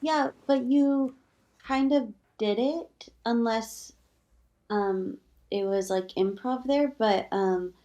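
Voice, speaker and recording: A woman's voice: slow, warm tone. A woman giving casual feedback on a comedy set, thinking aloud with many fillers and acting out suggested lines. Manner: thoughtful, many likes and ums, acts out pitch ideas.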